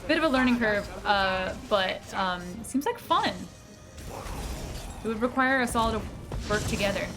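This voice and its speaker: An excitable American woman chats with her stream audience as she plays, her voice pitched a little high and quick to laugh. Game music plays clearly underneath. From United States. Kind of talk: casual live-stream chat while gaming.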